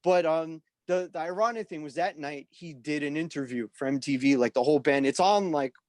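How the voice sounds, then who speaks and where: A man in his forties telling a long, animated story in casual chat, rambling with lots of "like" and "you know" and swearing freely. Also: on the high side, brisk, no echo, studio quality. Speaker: guest musician.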